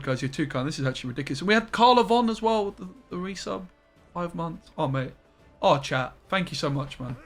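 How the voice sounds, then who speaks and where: A young man streaming a card game, chatting excitably to his viewers and breaking into loud, surprised yelps. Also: on the high side, fairly quick, soft background music. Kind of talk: live-stream commentary.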